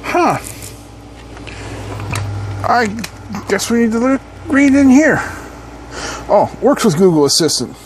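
A man's voice: very high voice, big pitch swings, takes it slowly, long pauses, slight background noise. A man hosting an electronics teardown, talking casually with wry, sarcastic asides and little hums. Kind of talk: casual hands-on teardown commentary.

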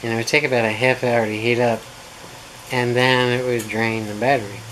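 A man's voice: mid-range voice, level tone, fairly quick, a bit bright, rough recording. A man, a pool instructor, talking in a casual, rambling vlog with wry, self-mocking asides. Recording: air-conditioner hum behind.

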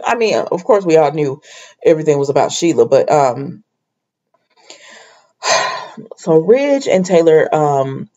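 A woman's voice: lowish voice, a little mellow, highs cut off. A woman giving a casual, chatty recap of a soap episode, with exasperated asides to her viewers. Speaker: soap opera reviewer.

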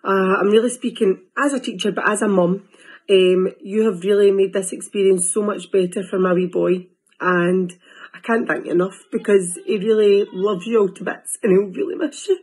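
A woman speaks in a husky, breathy voice that wavers as she holds back tears. She talks softly and haltingly, a teacher and mum recording a heartfelt thank-you. Her pitch sits in a middle range. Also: steady tone. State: tearful, voice close to crying. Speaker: teacher and parent. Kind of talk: recorded farewell message.

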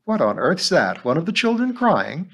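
As a man putting on a woman's voice, give a firm, bossy middle-aged lady, raised in pitch, brisk and no-nonsense in a read-aloud storybook. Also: very animated, fairly bright tone, full character voice. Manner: firm, stern, bossy and cheerful.

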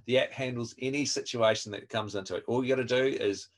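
A man's voice: medium pitch, quick pace. A man training people in a live online webinar, explaining step by step and quizzing his listeners. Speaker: evangelism trainer.

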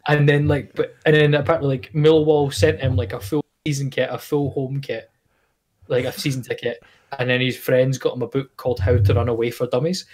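A man's voice: mid-range voice, little pitch movement, a little fast, darkish tone. Easygoing man telling stories on a podcast. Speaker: podcast co-host. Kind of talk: casual chat.

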